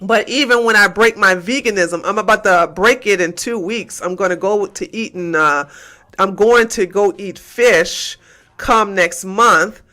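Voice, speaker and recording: Bright-voiced woman ranting on a livestream. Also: mid-range voice, measured pace. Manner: combative, profane, taunting; repeats and hammers questions. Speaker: livestream host. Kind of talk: heated livestream rant to chat.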